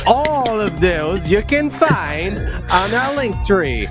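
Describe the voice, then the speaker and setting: A man doing a proud French winemaker in a put-on French accent, his pitch bouncing all over. He talks in broken English with a salesman's swagger, and music plays behind him. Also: very animated, slow, heavily acted. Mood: boastful.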